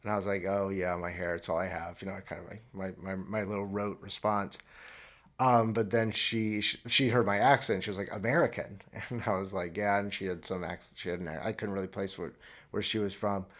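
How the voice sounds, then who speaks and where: Podcast host, thirties, deadpan and sarcastic, restarts a lot, lowish voice. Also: male voice, brisk. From Florida. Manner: rambling with restarts, mock-earnest. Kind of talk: solo comedic monologue. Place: traveling abroad, recording alone.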